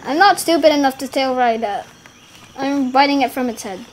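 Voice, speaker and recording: A woman giving casual gameplay commentary, giggling and rambling, trailing off mid-sentence and bursting into excited shouts. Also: high voice, moderate pace, slight background noise. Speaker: gaming YouTuber.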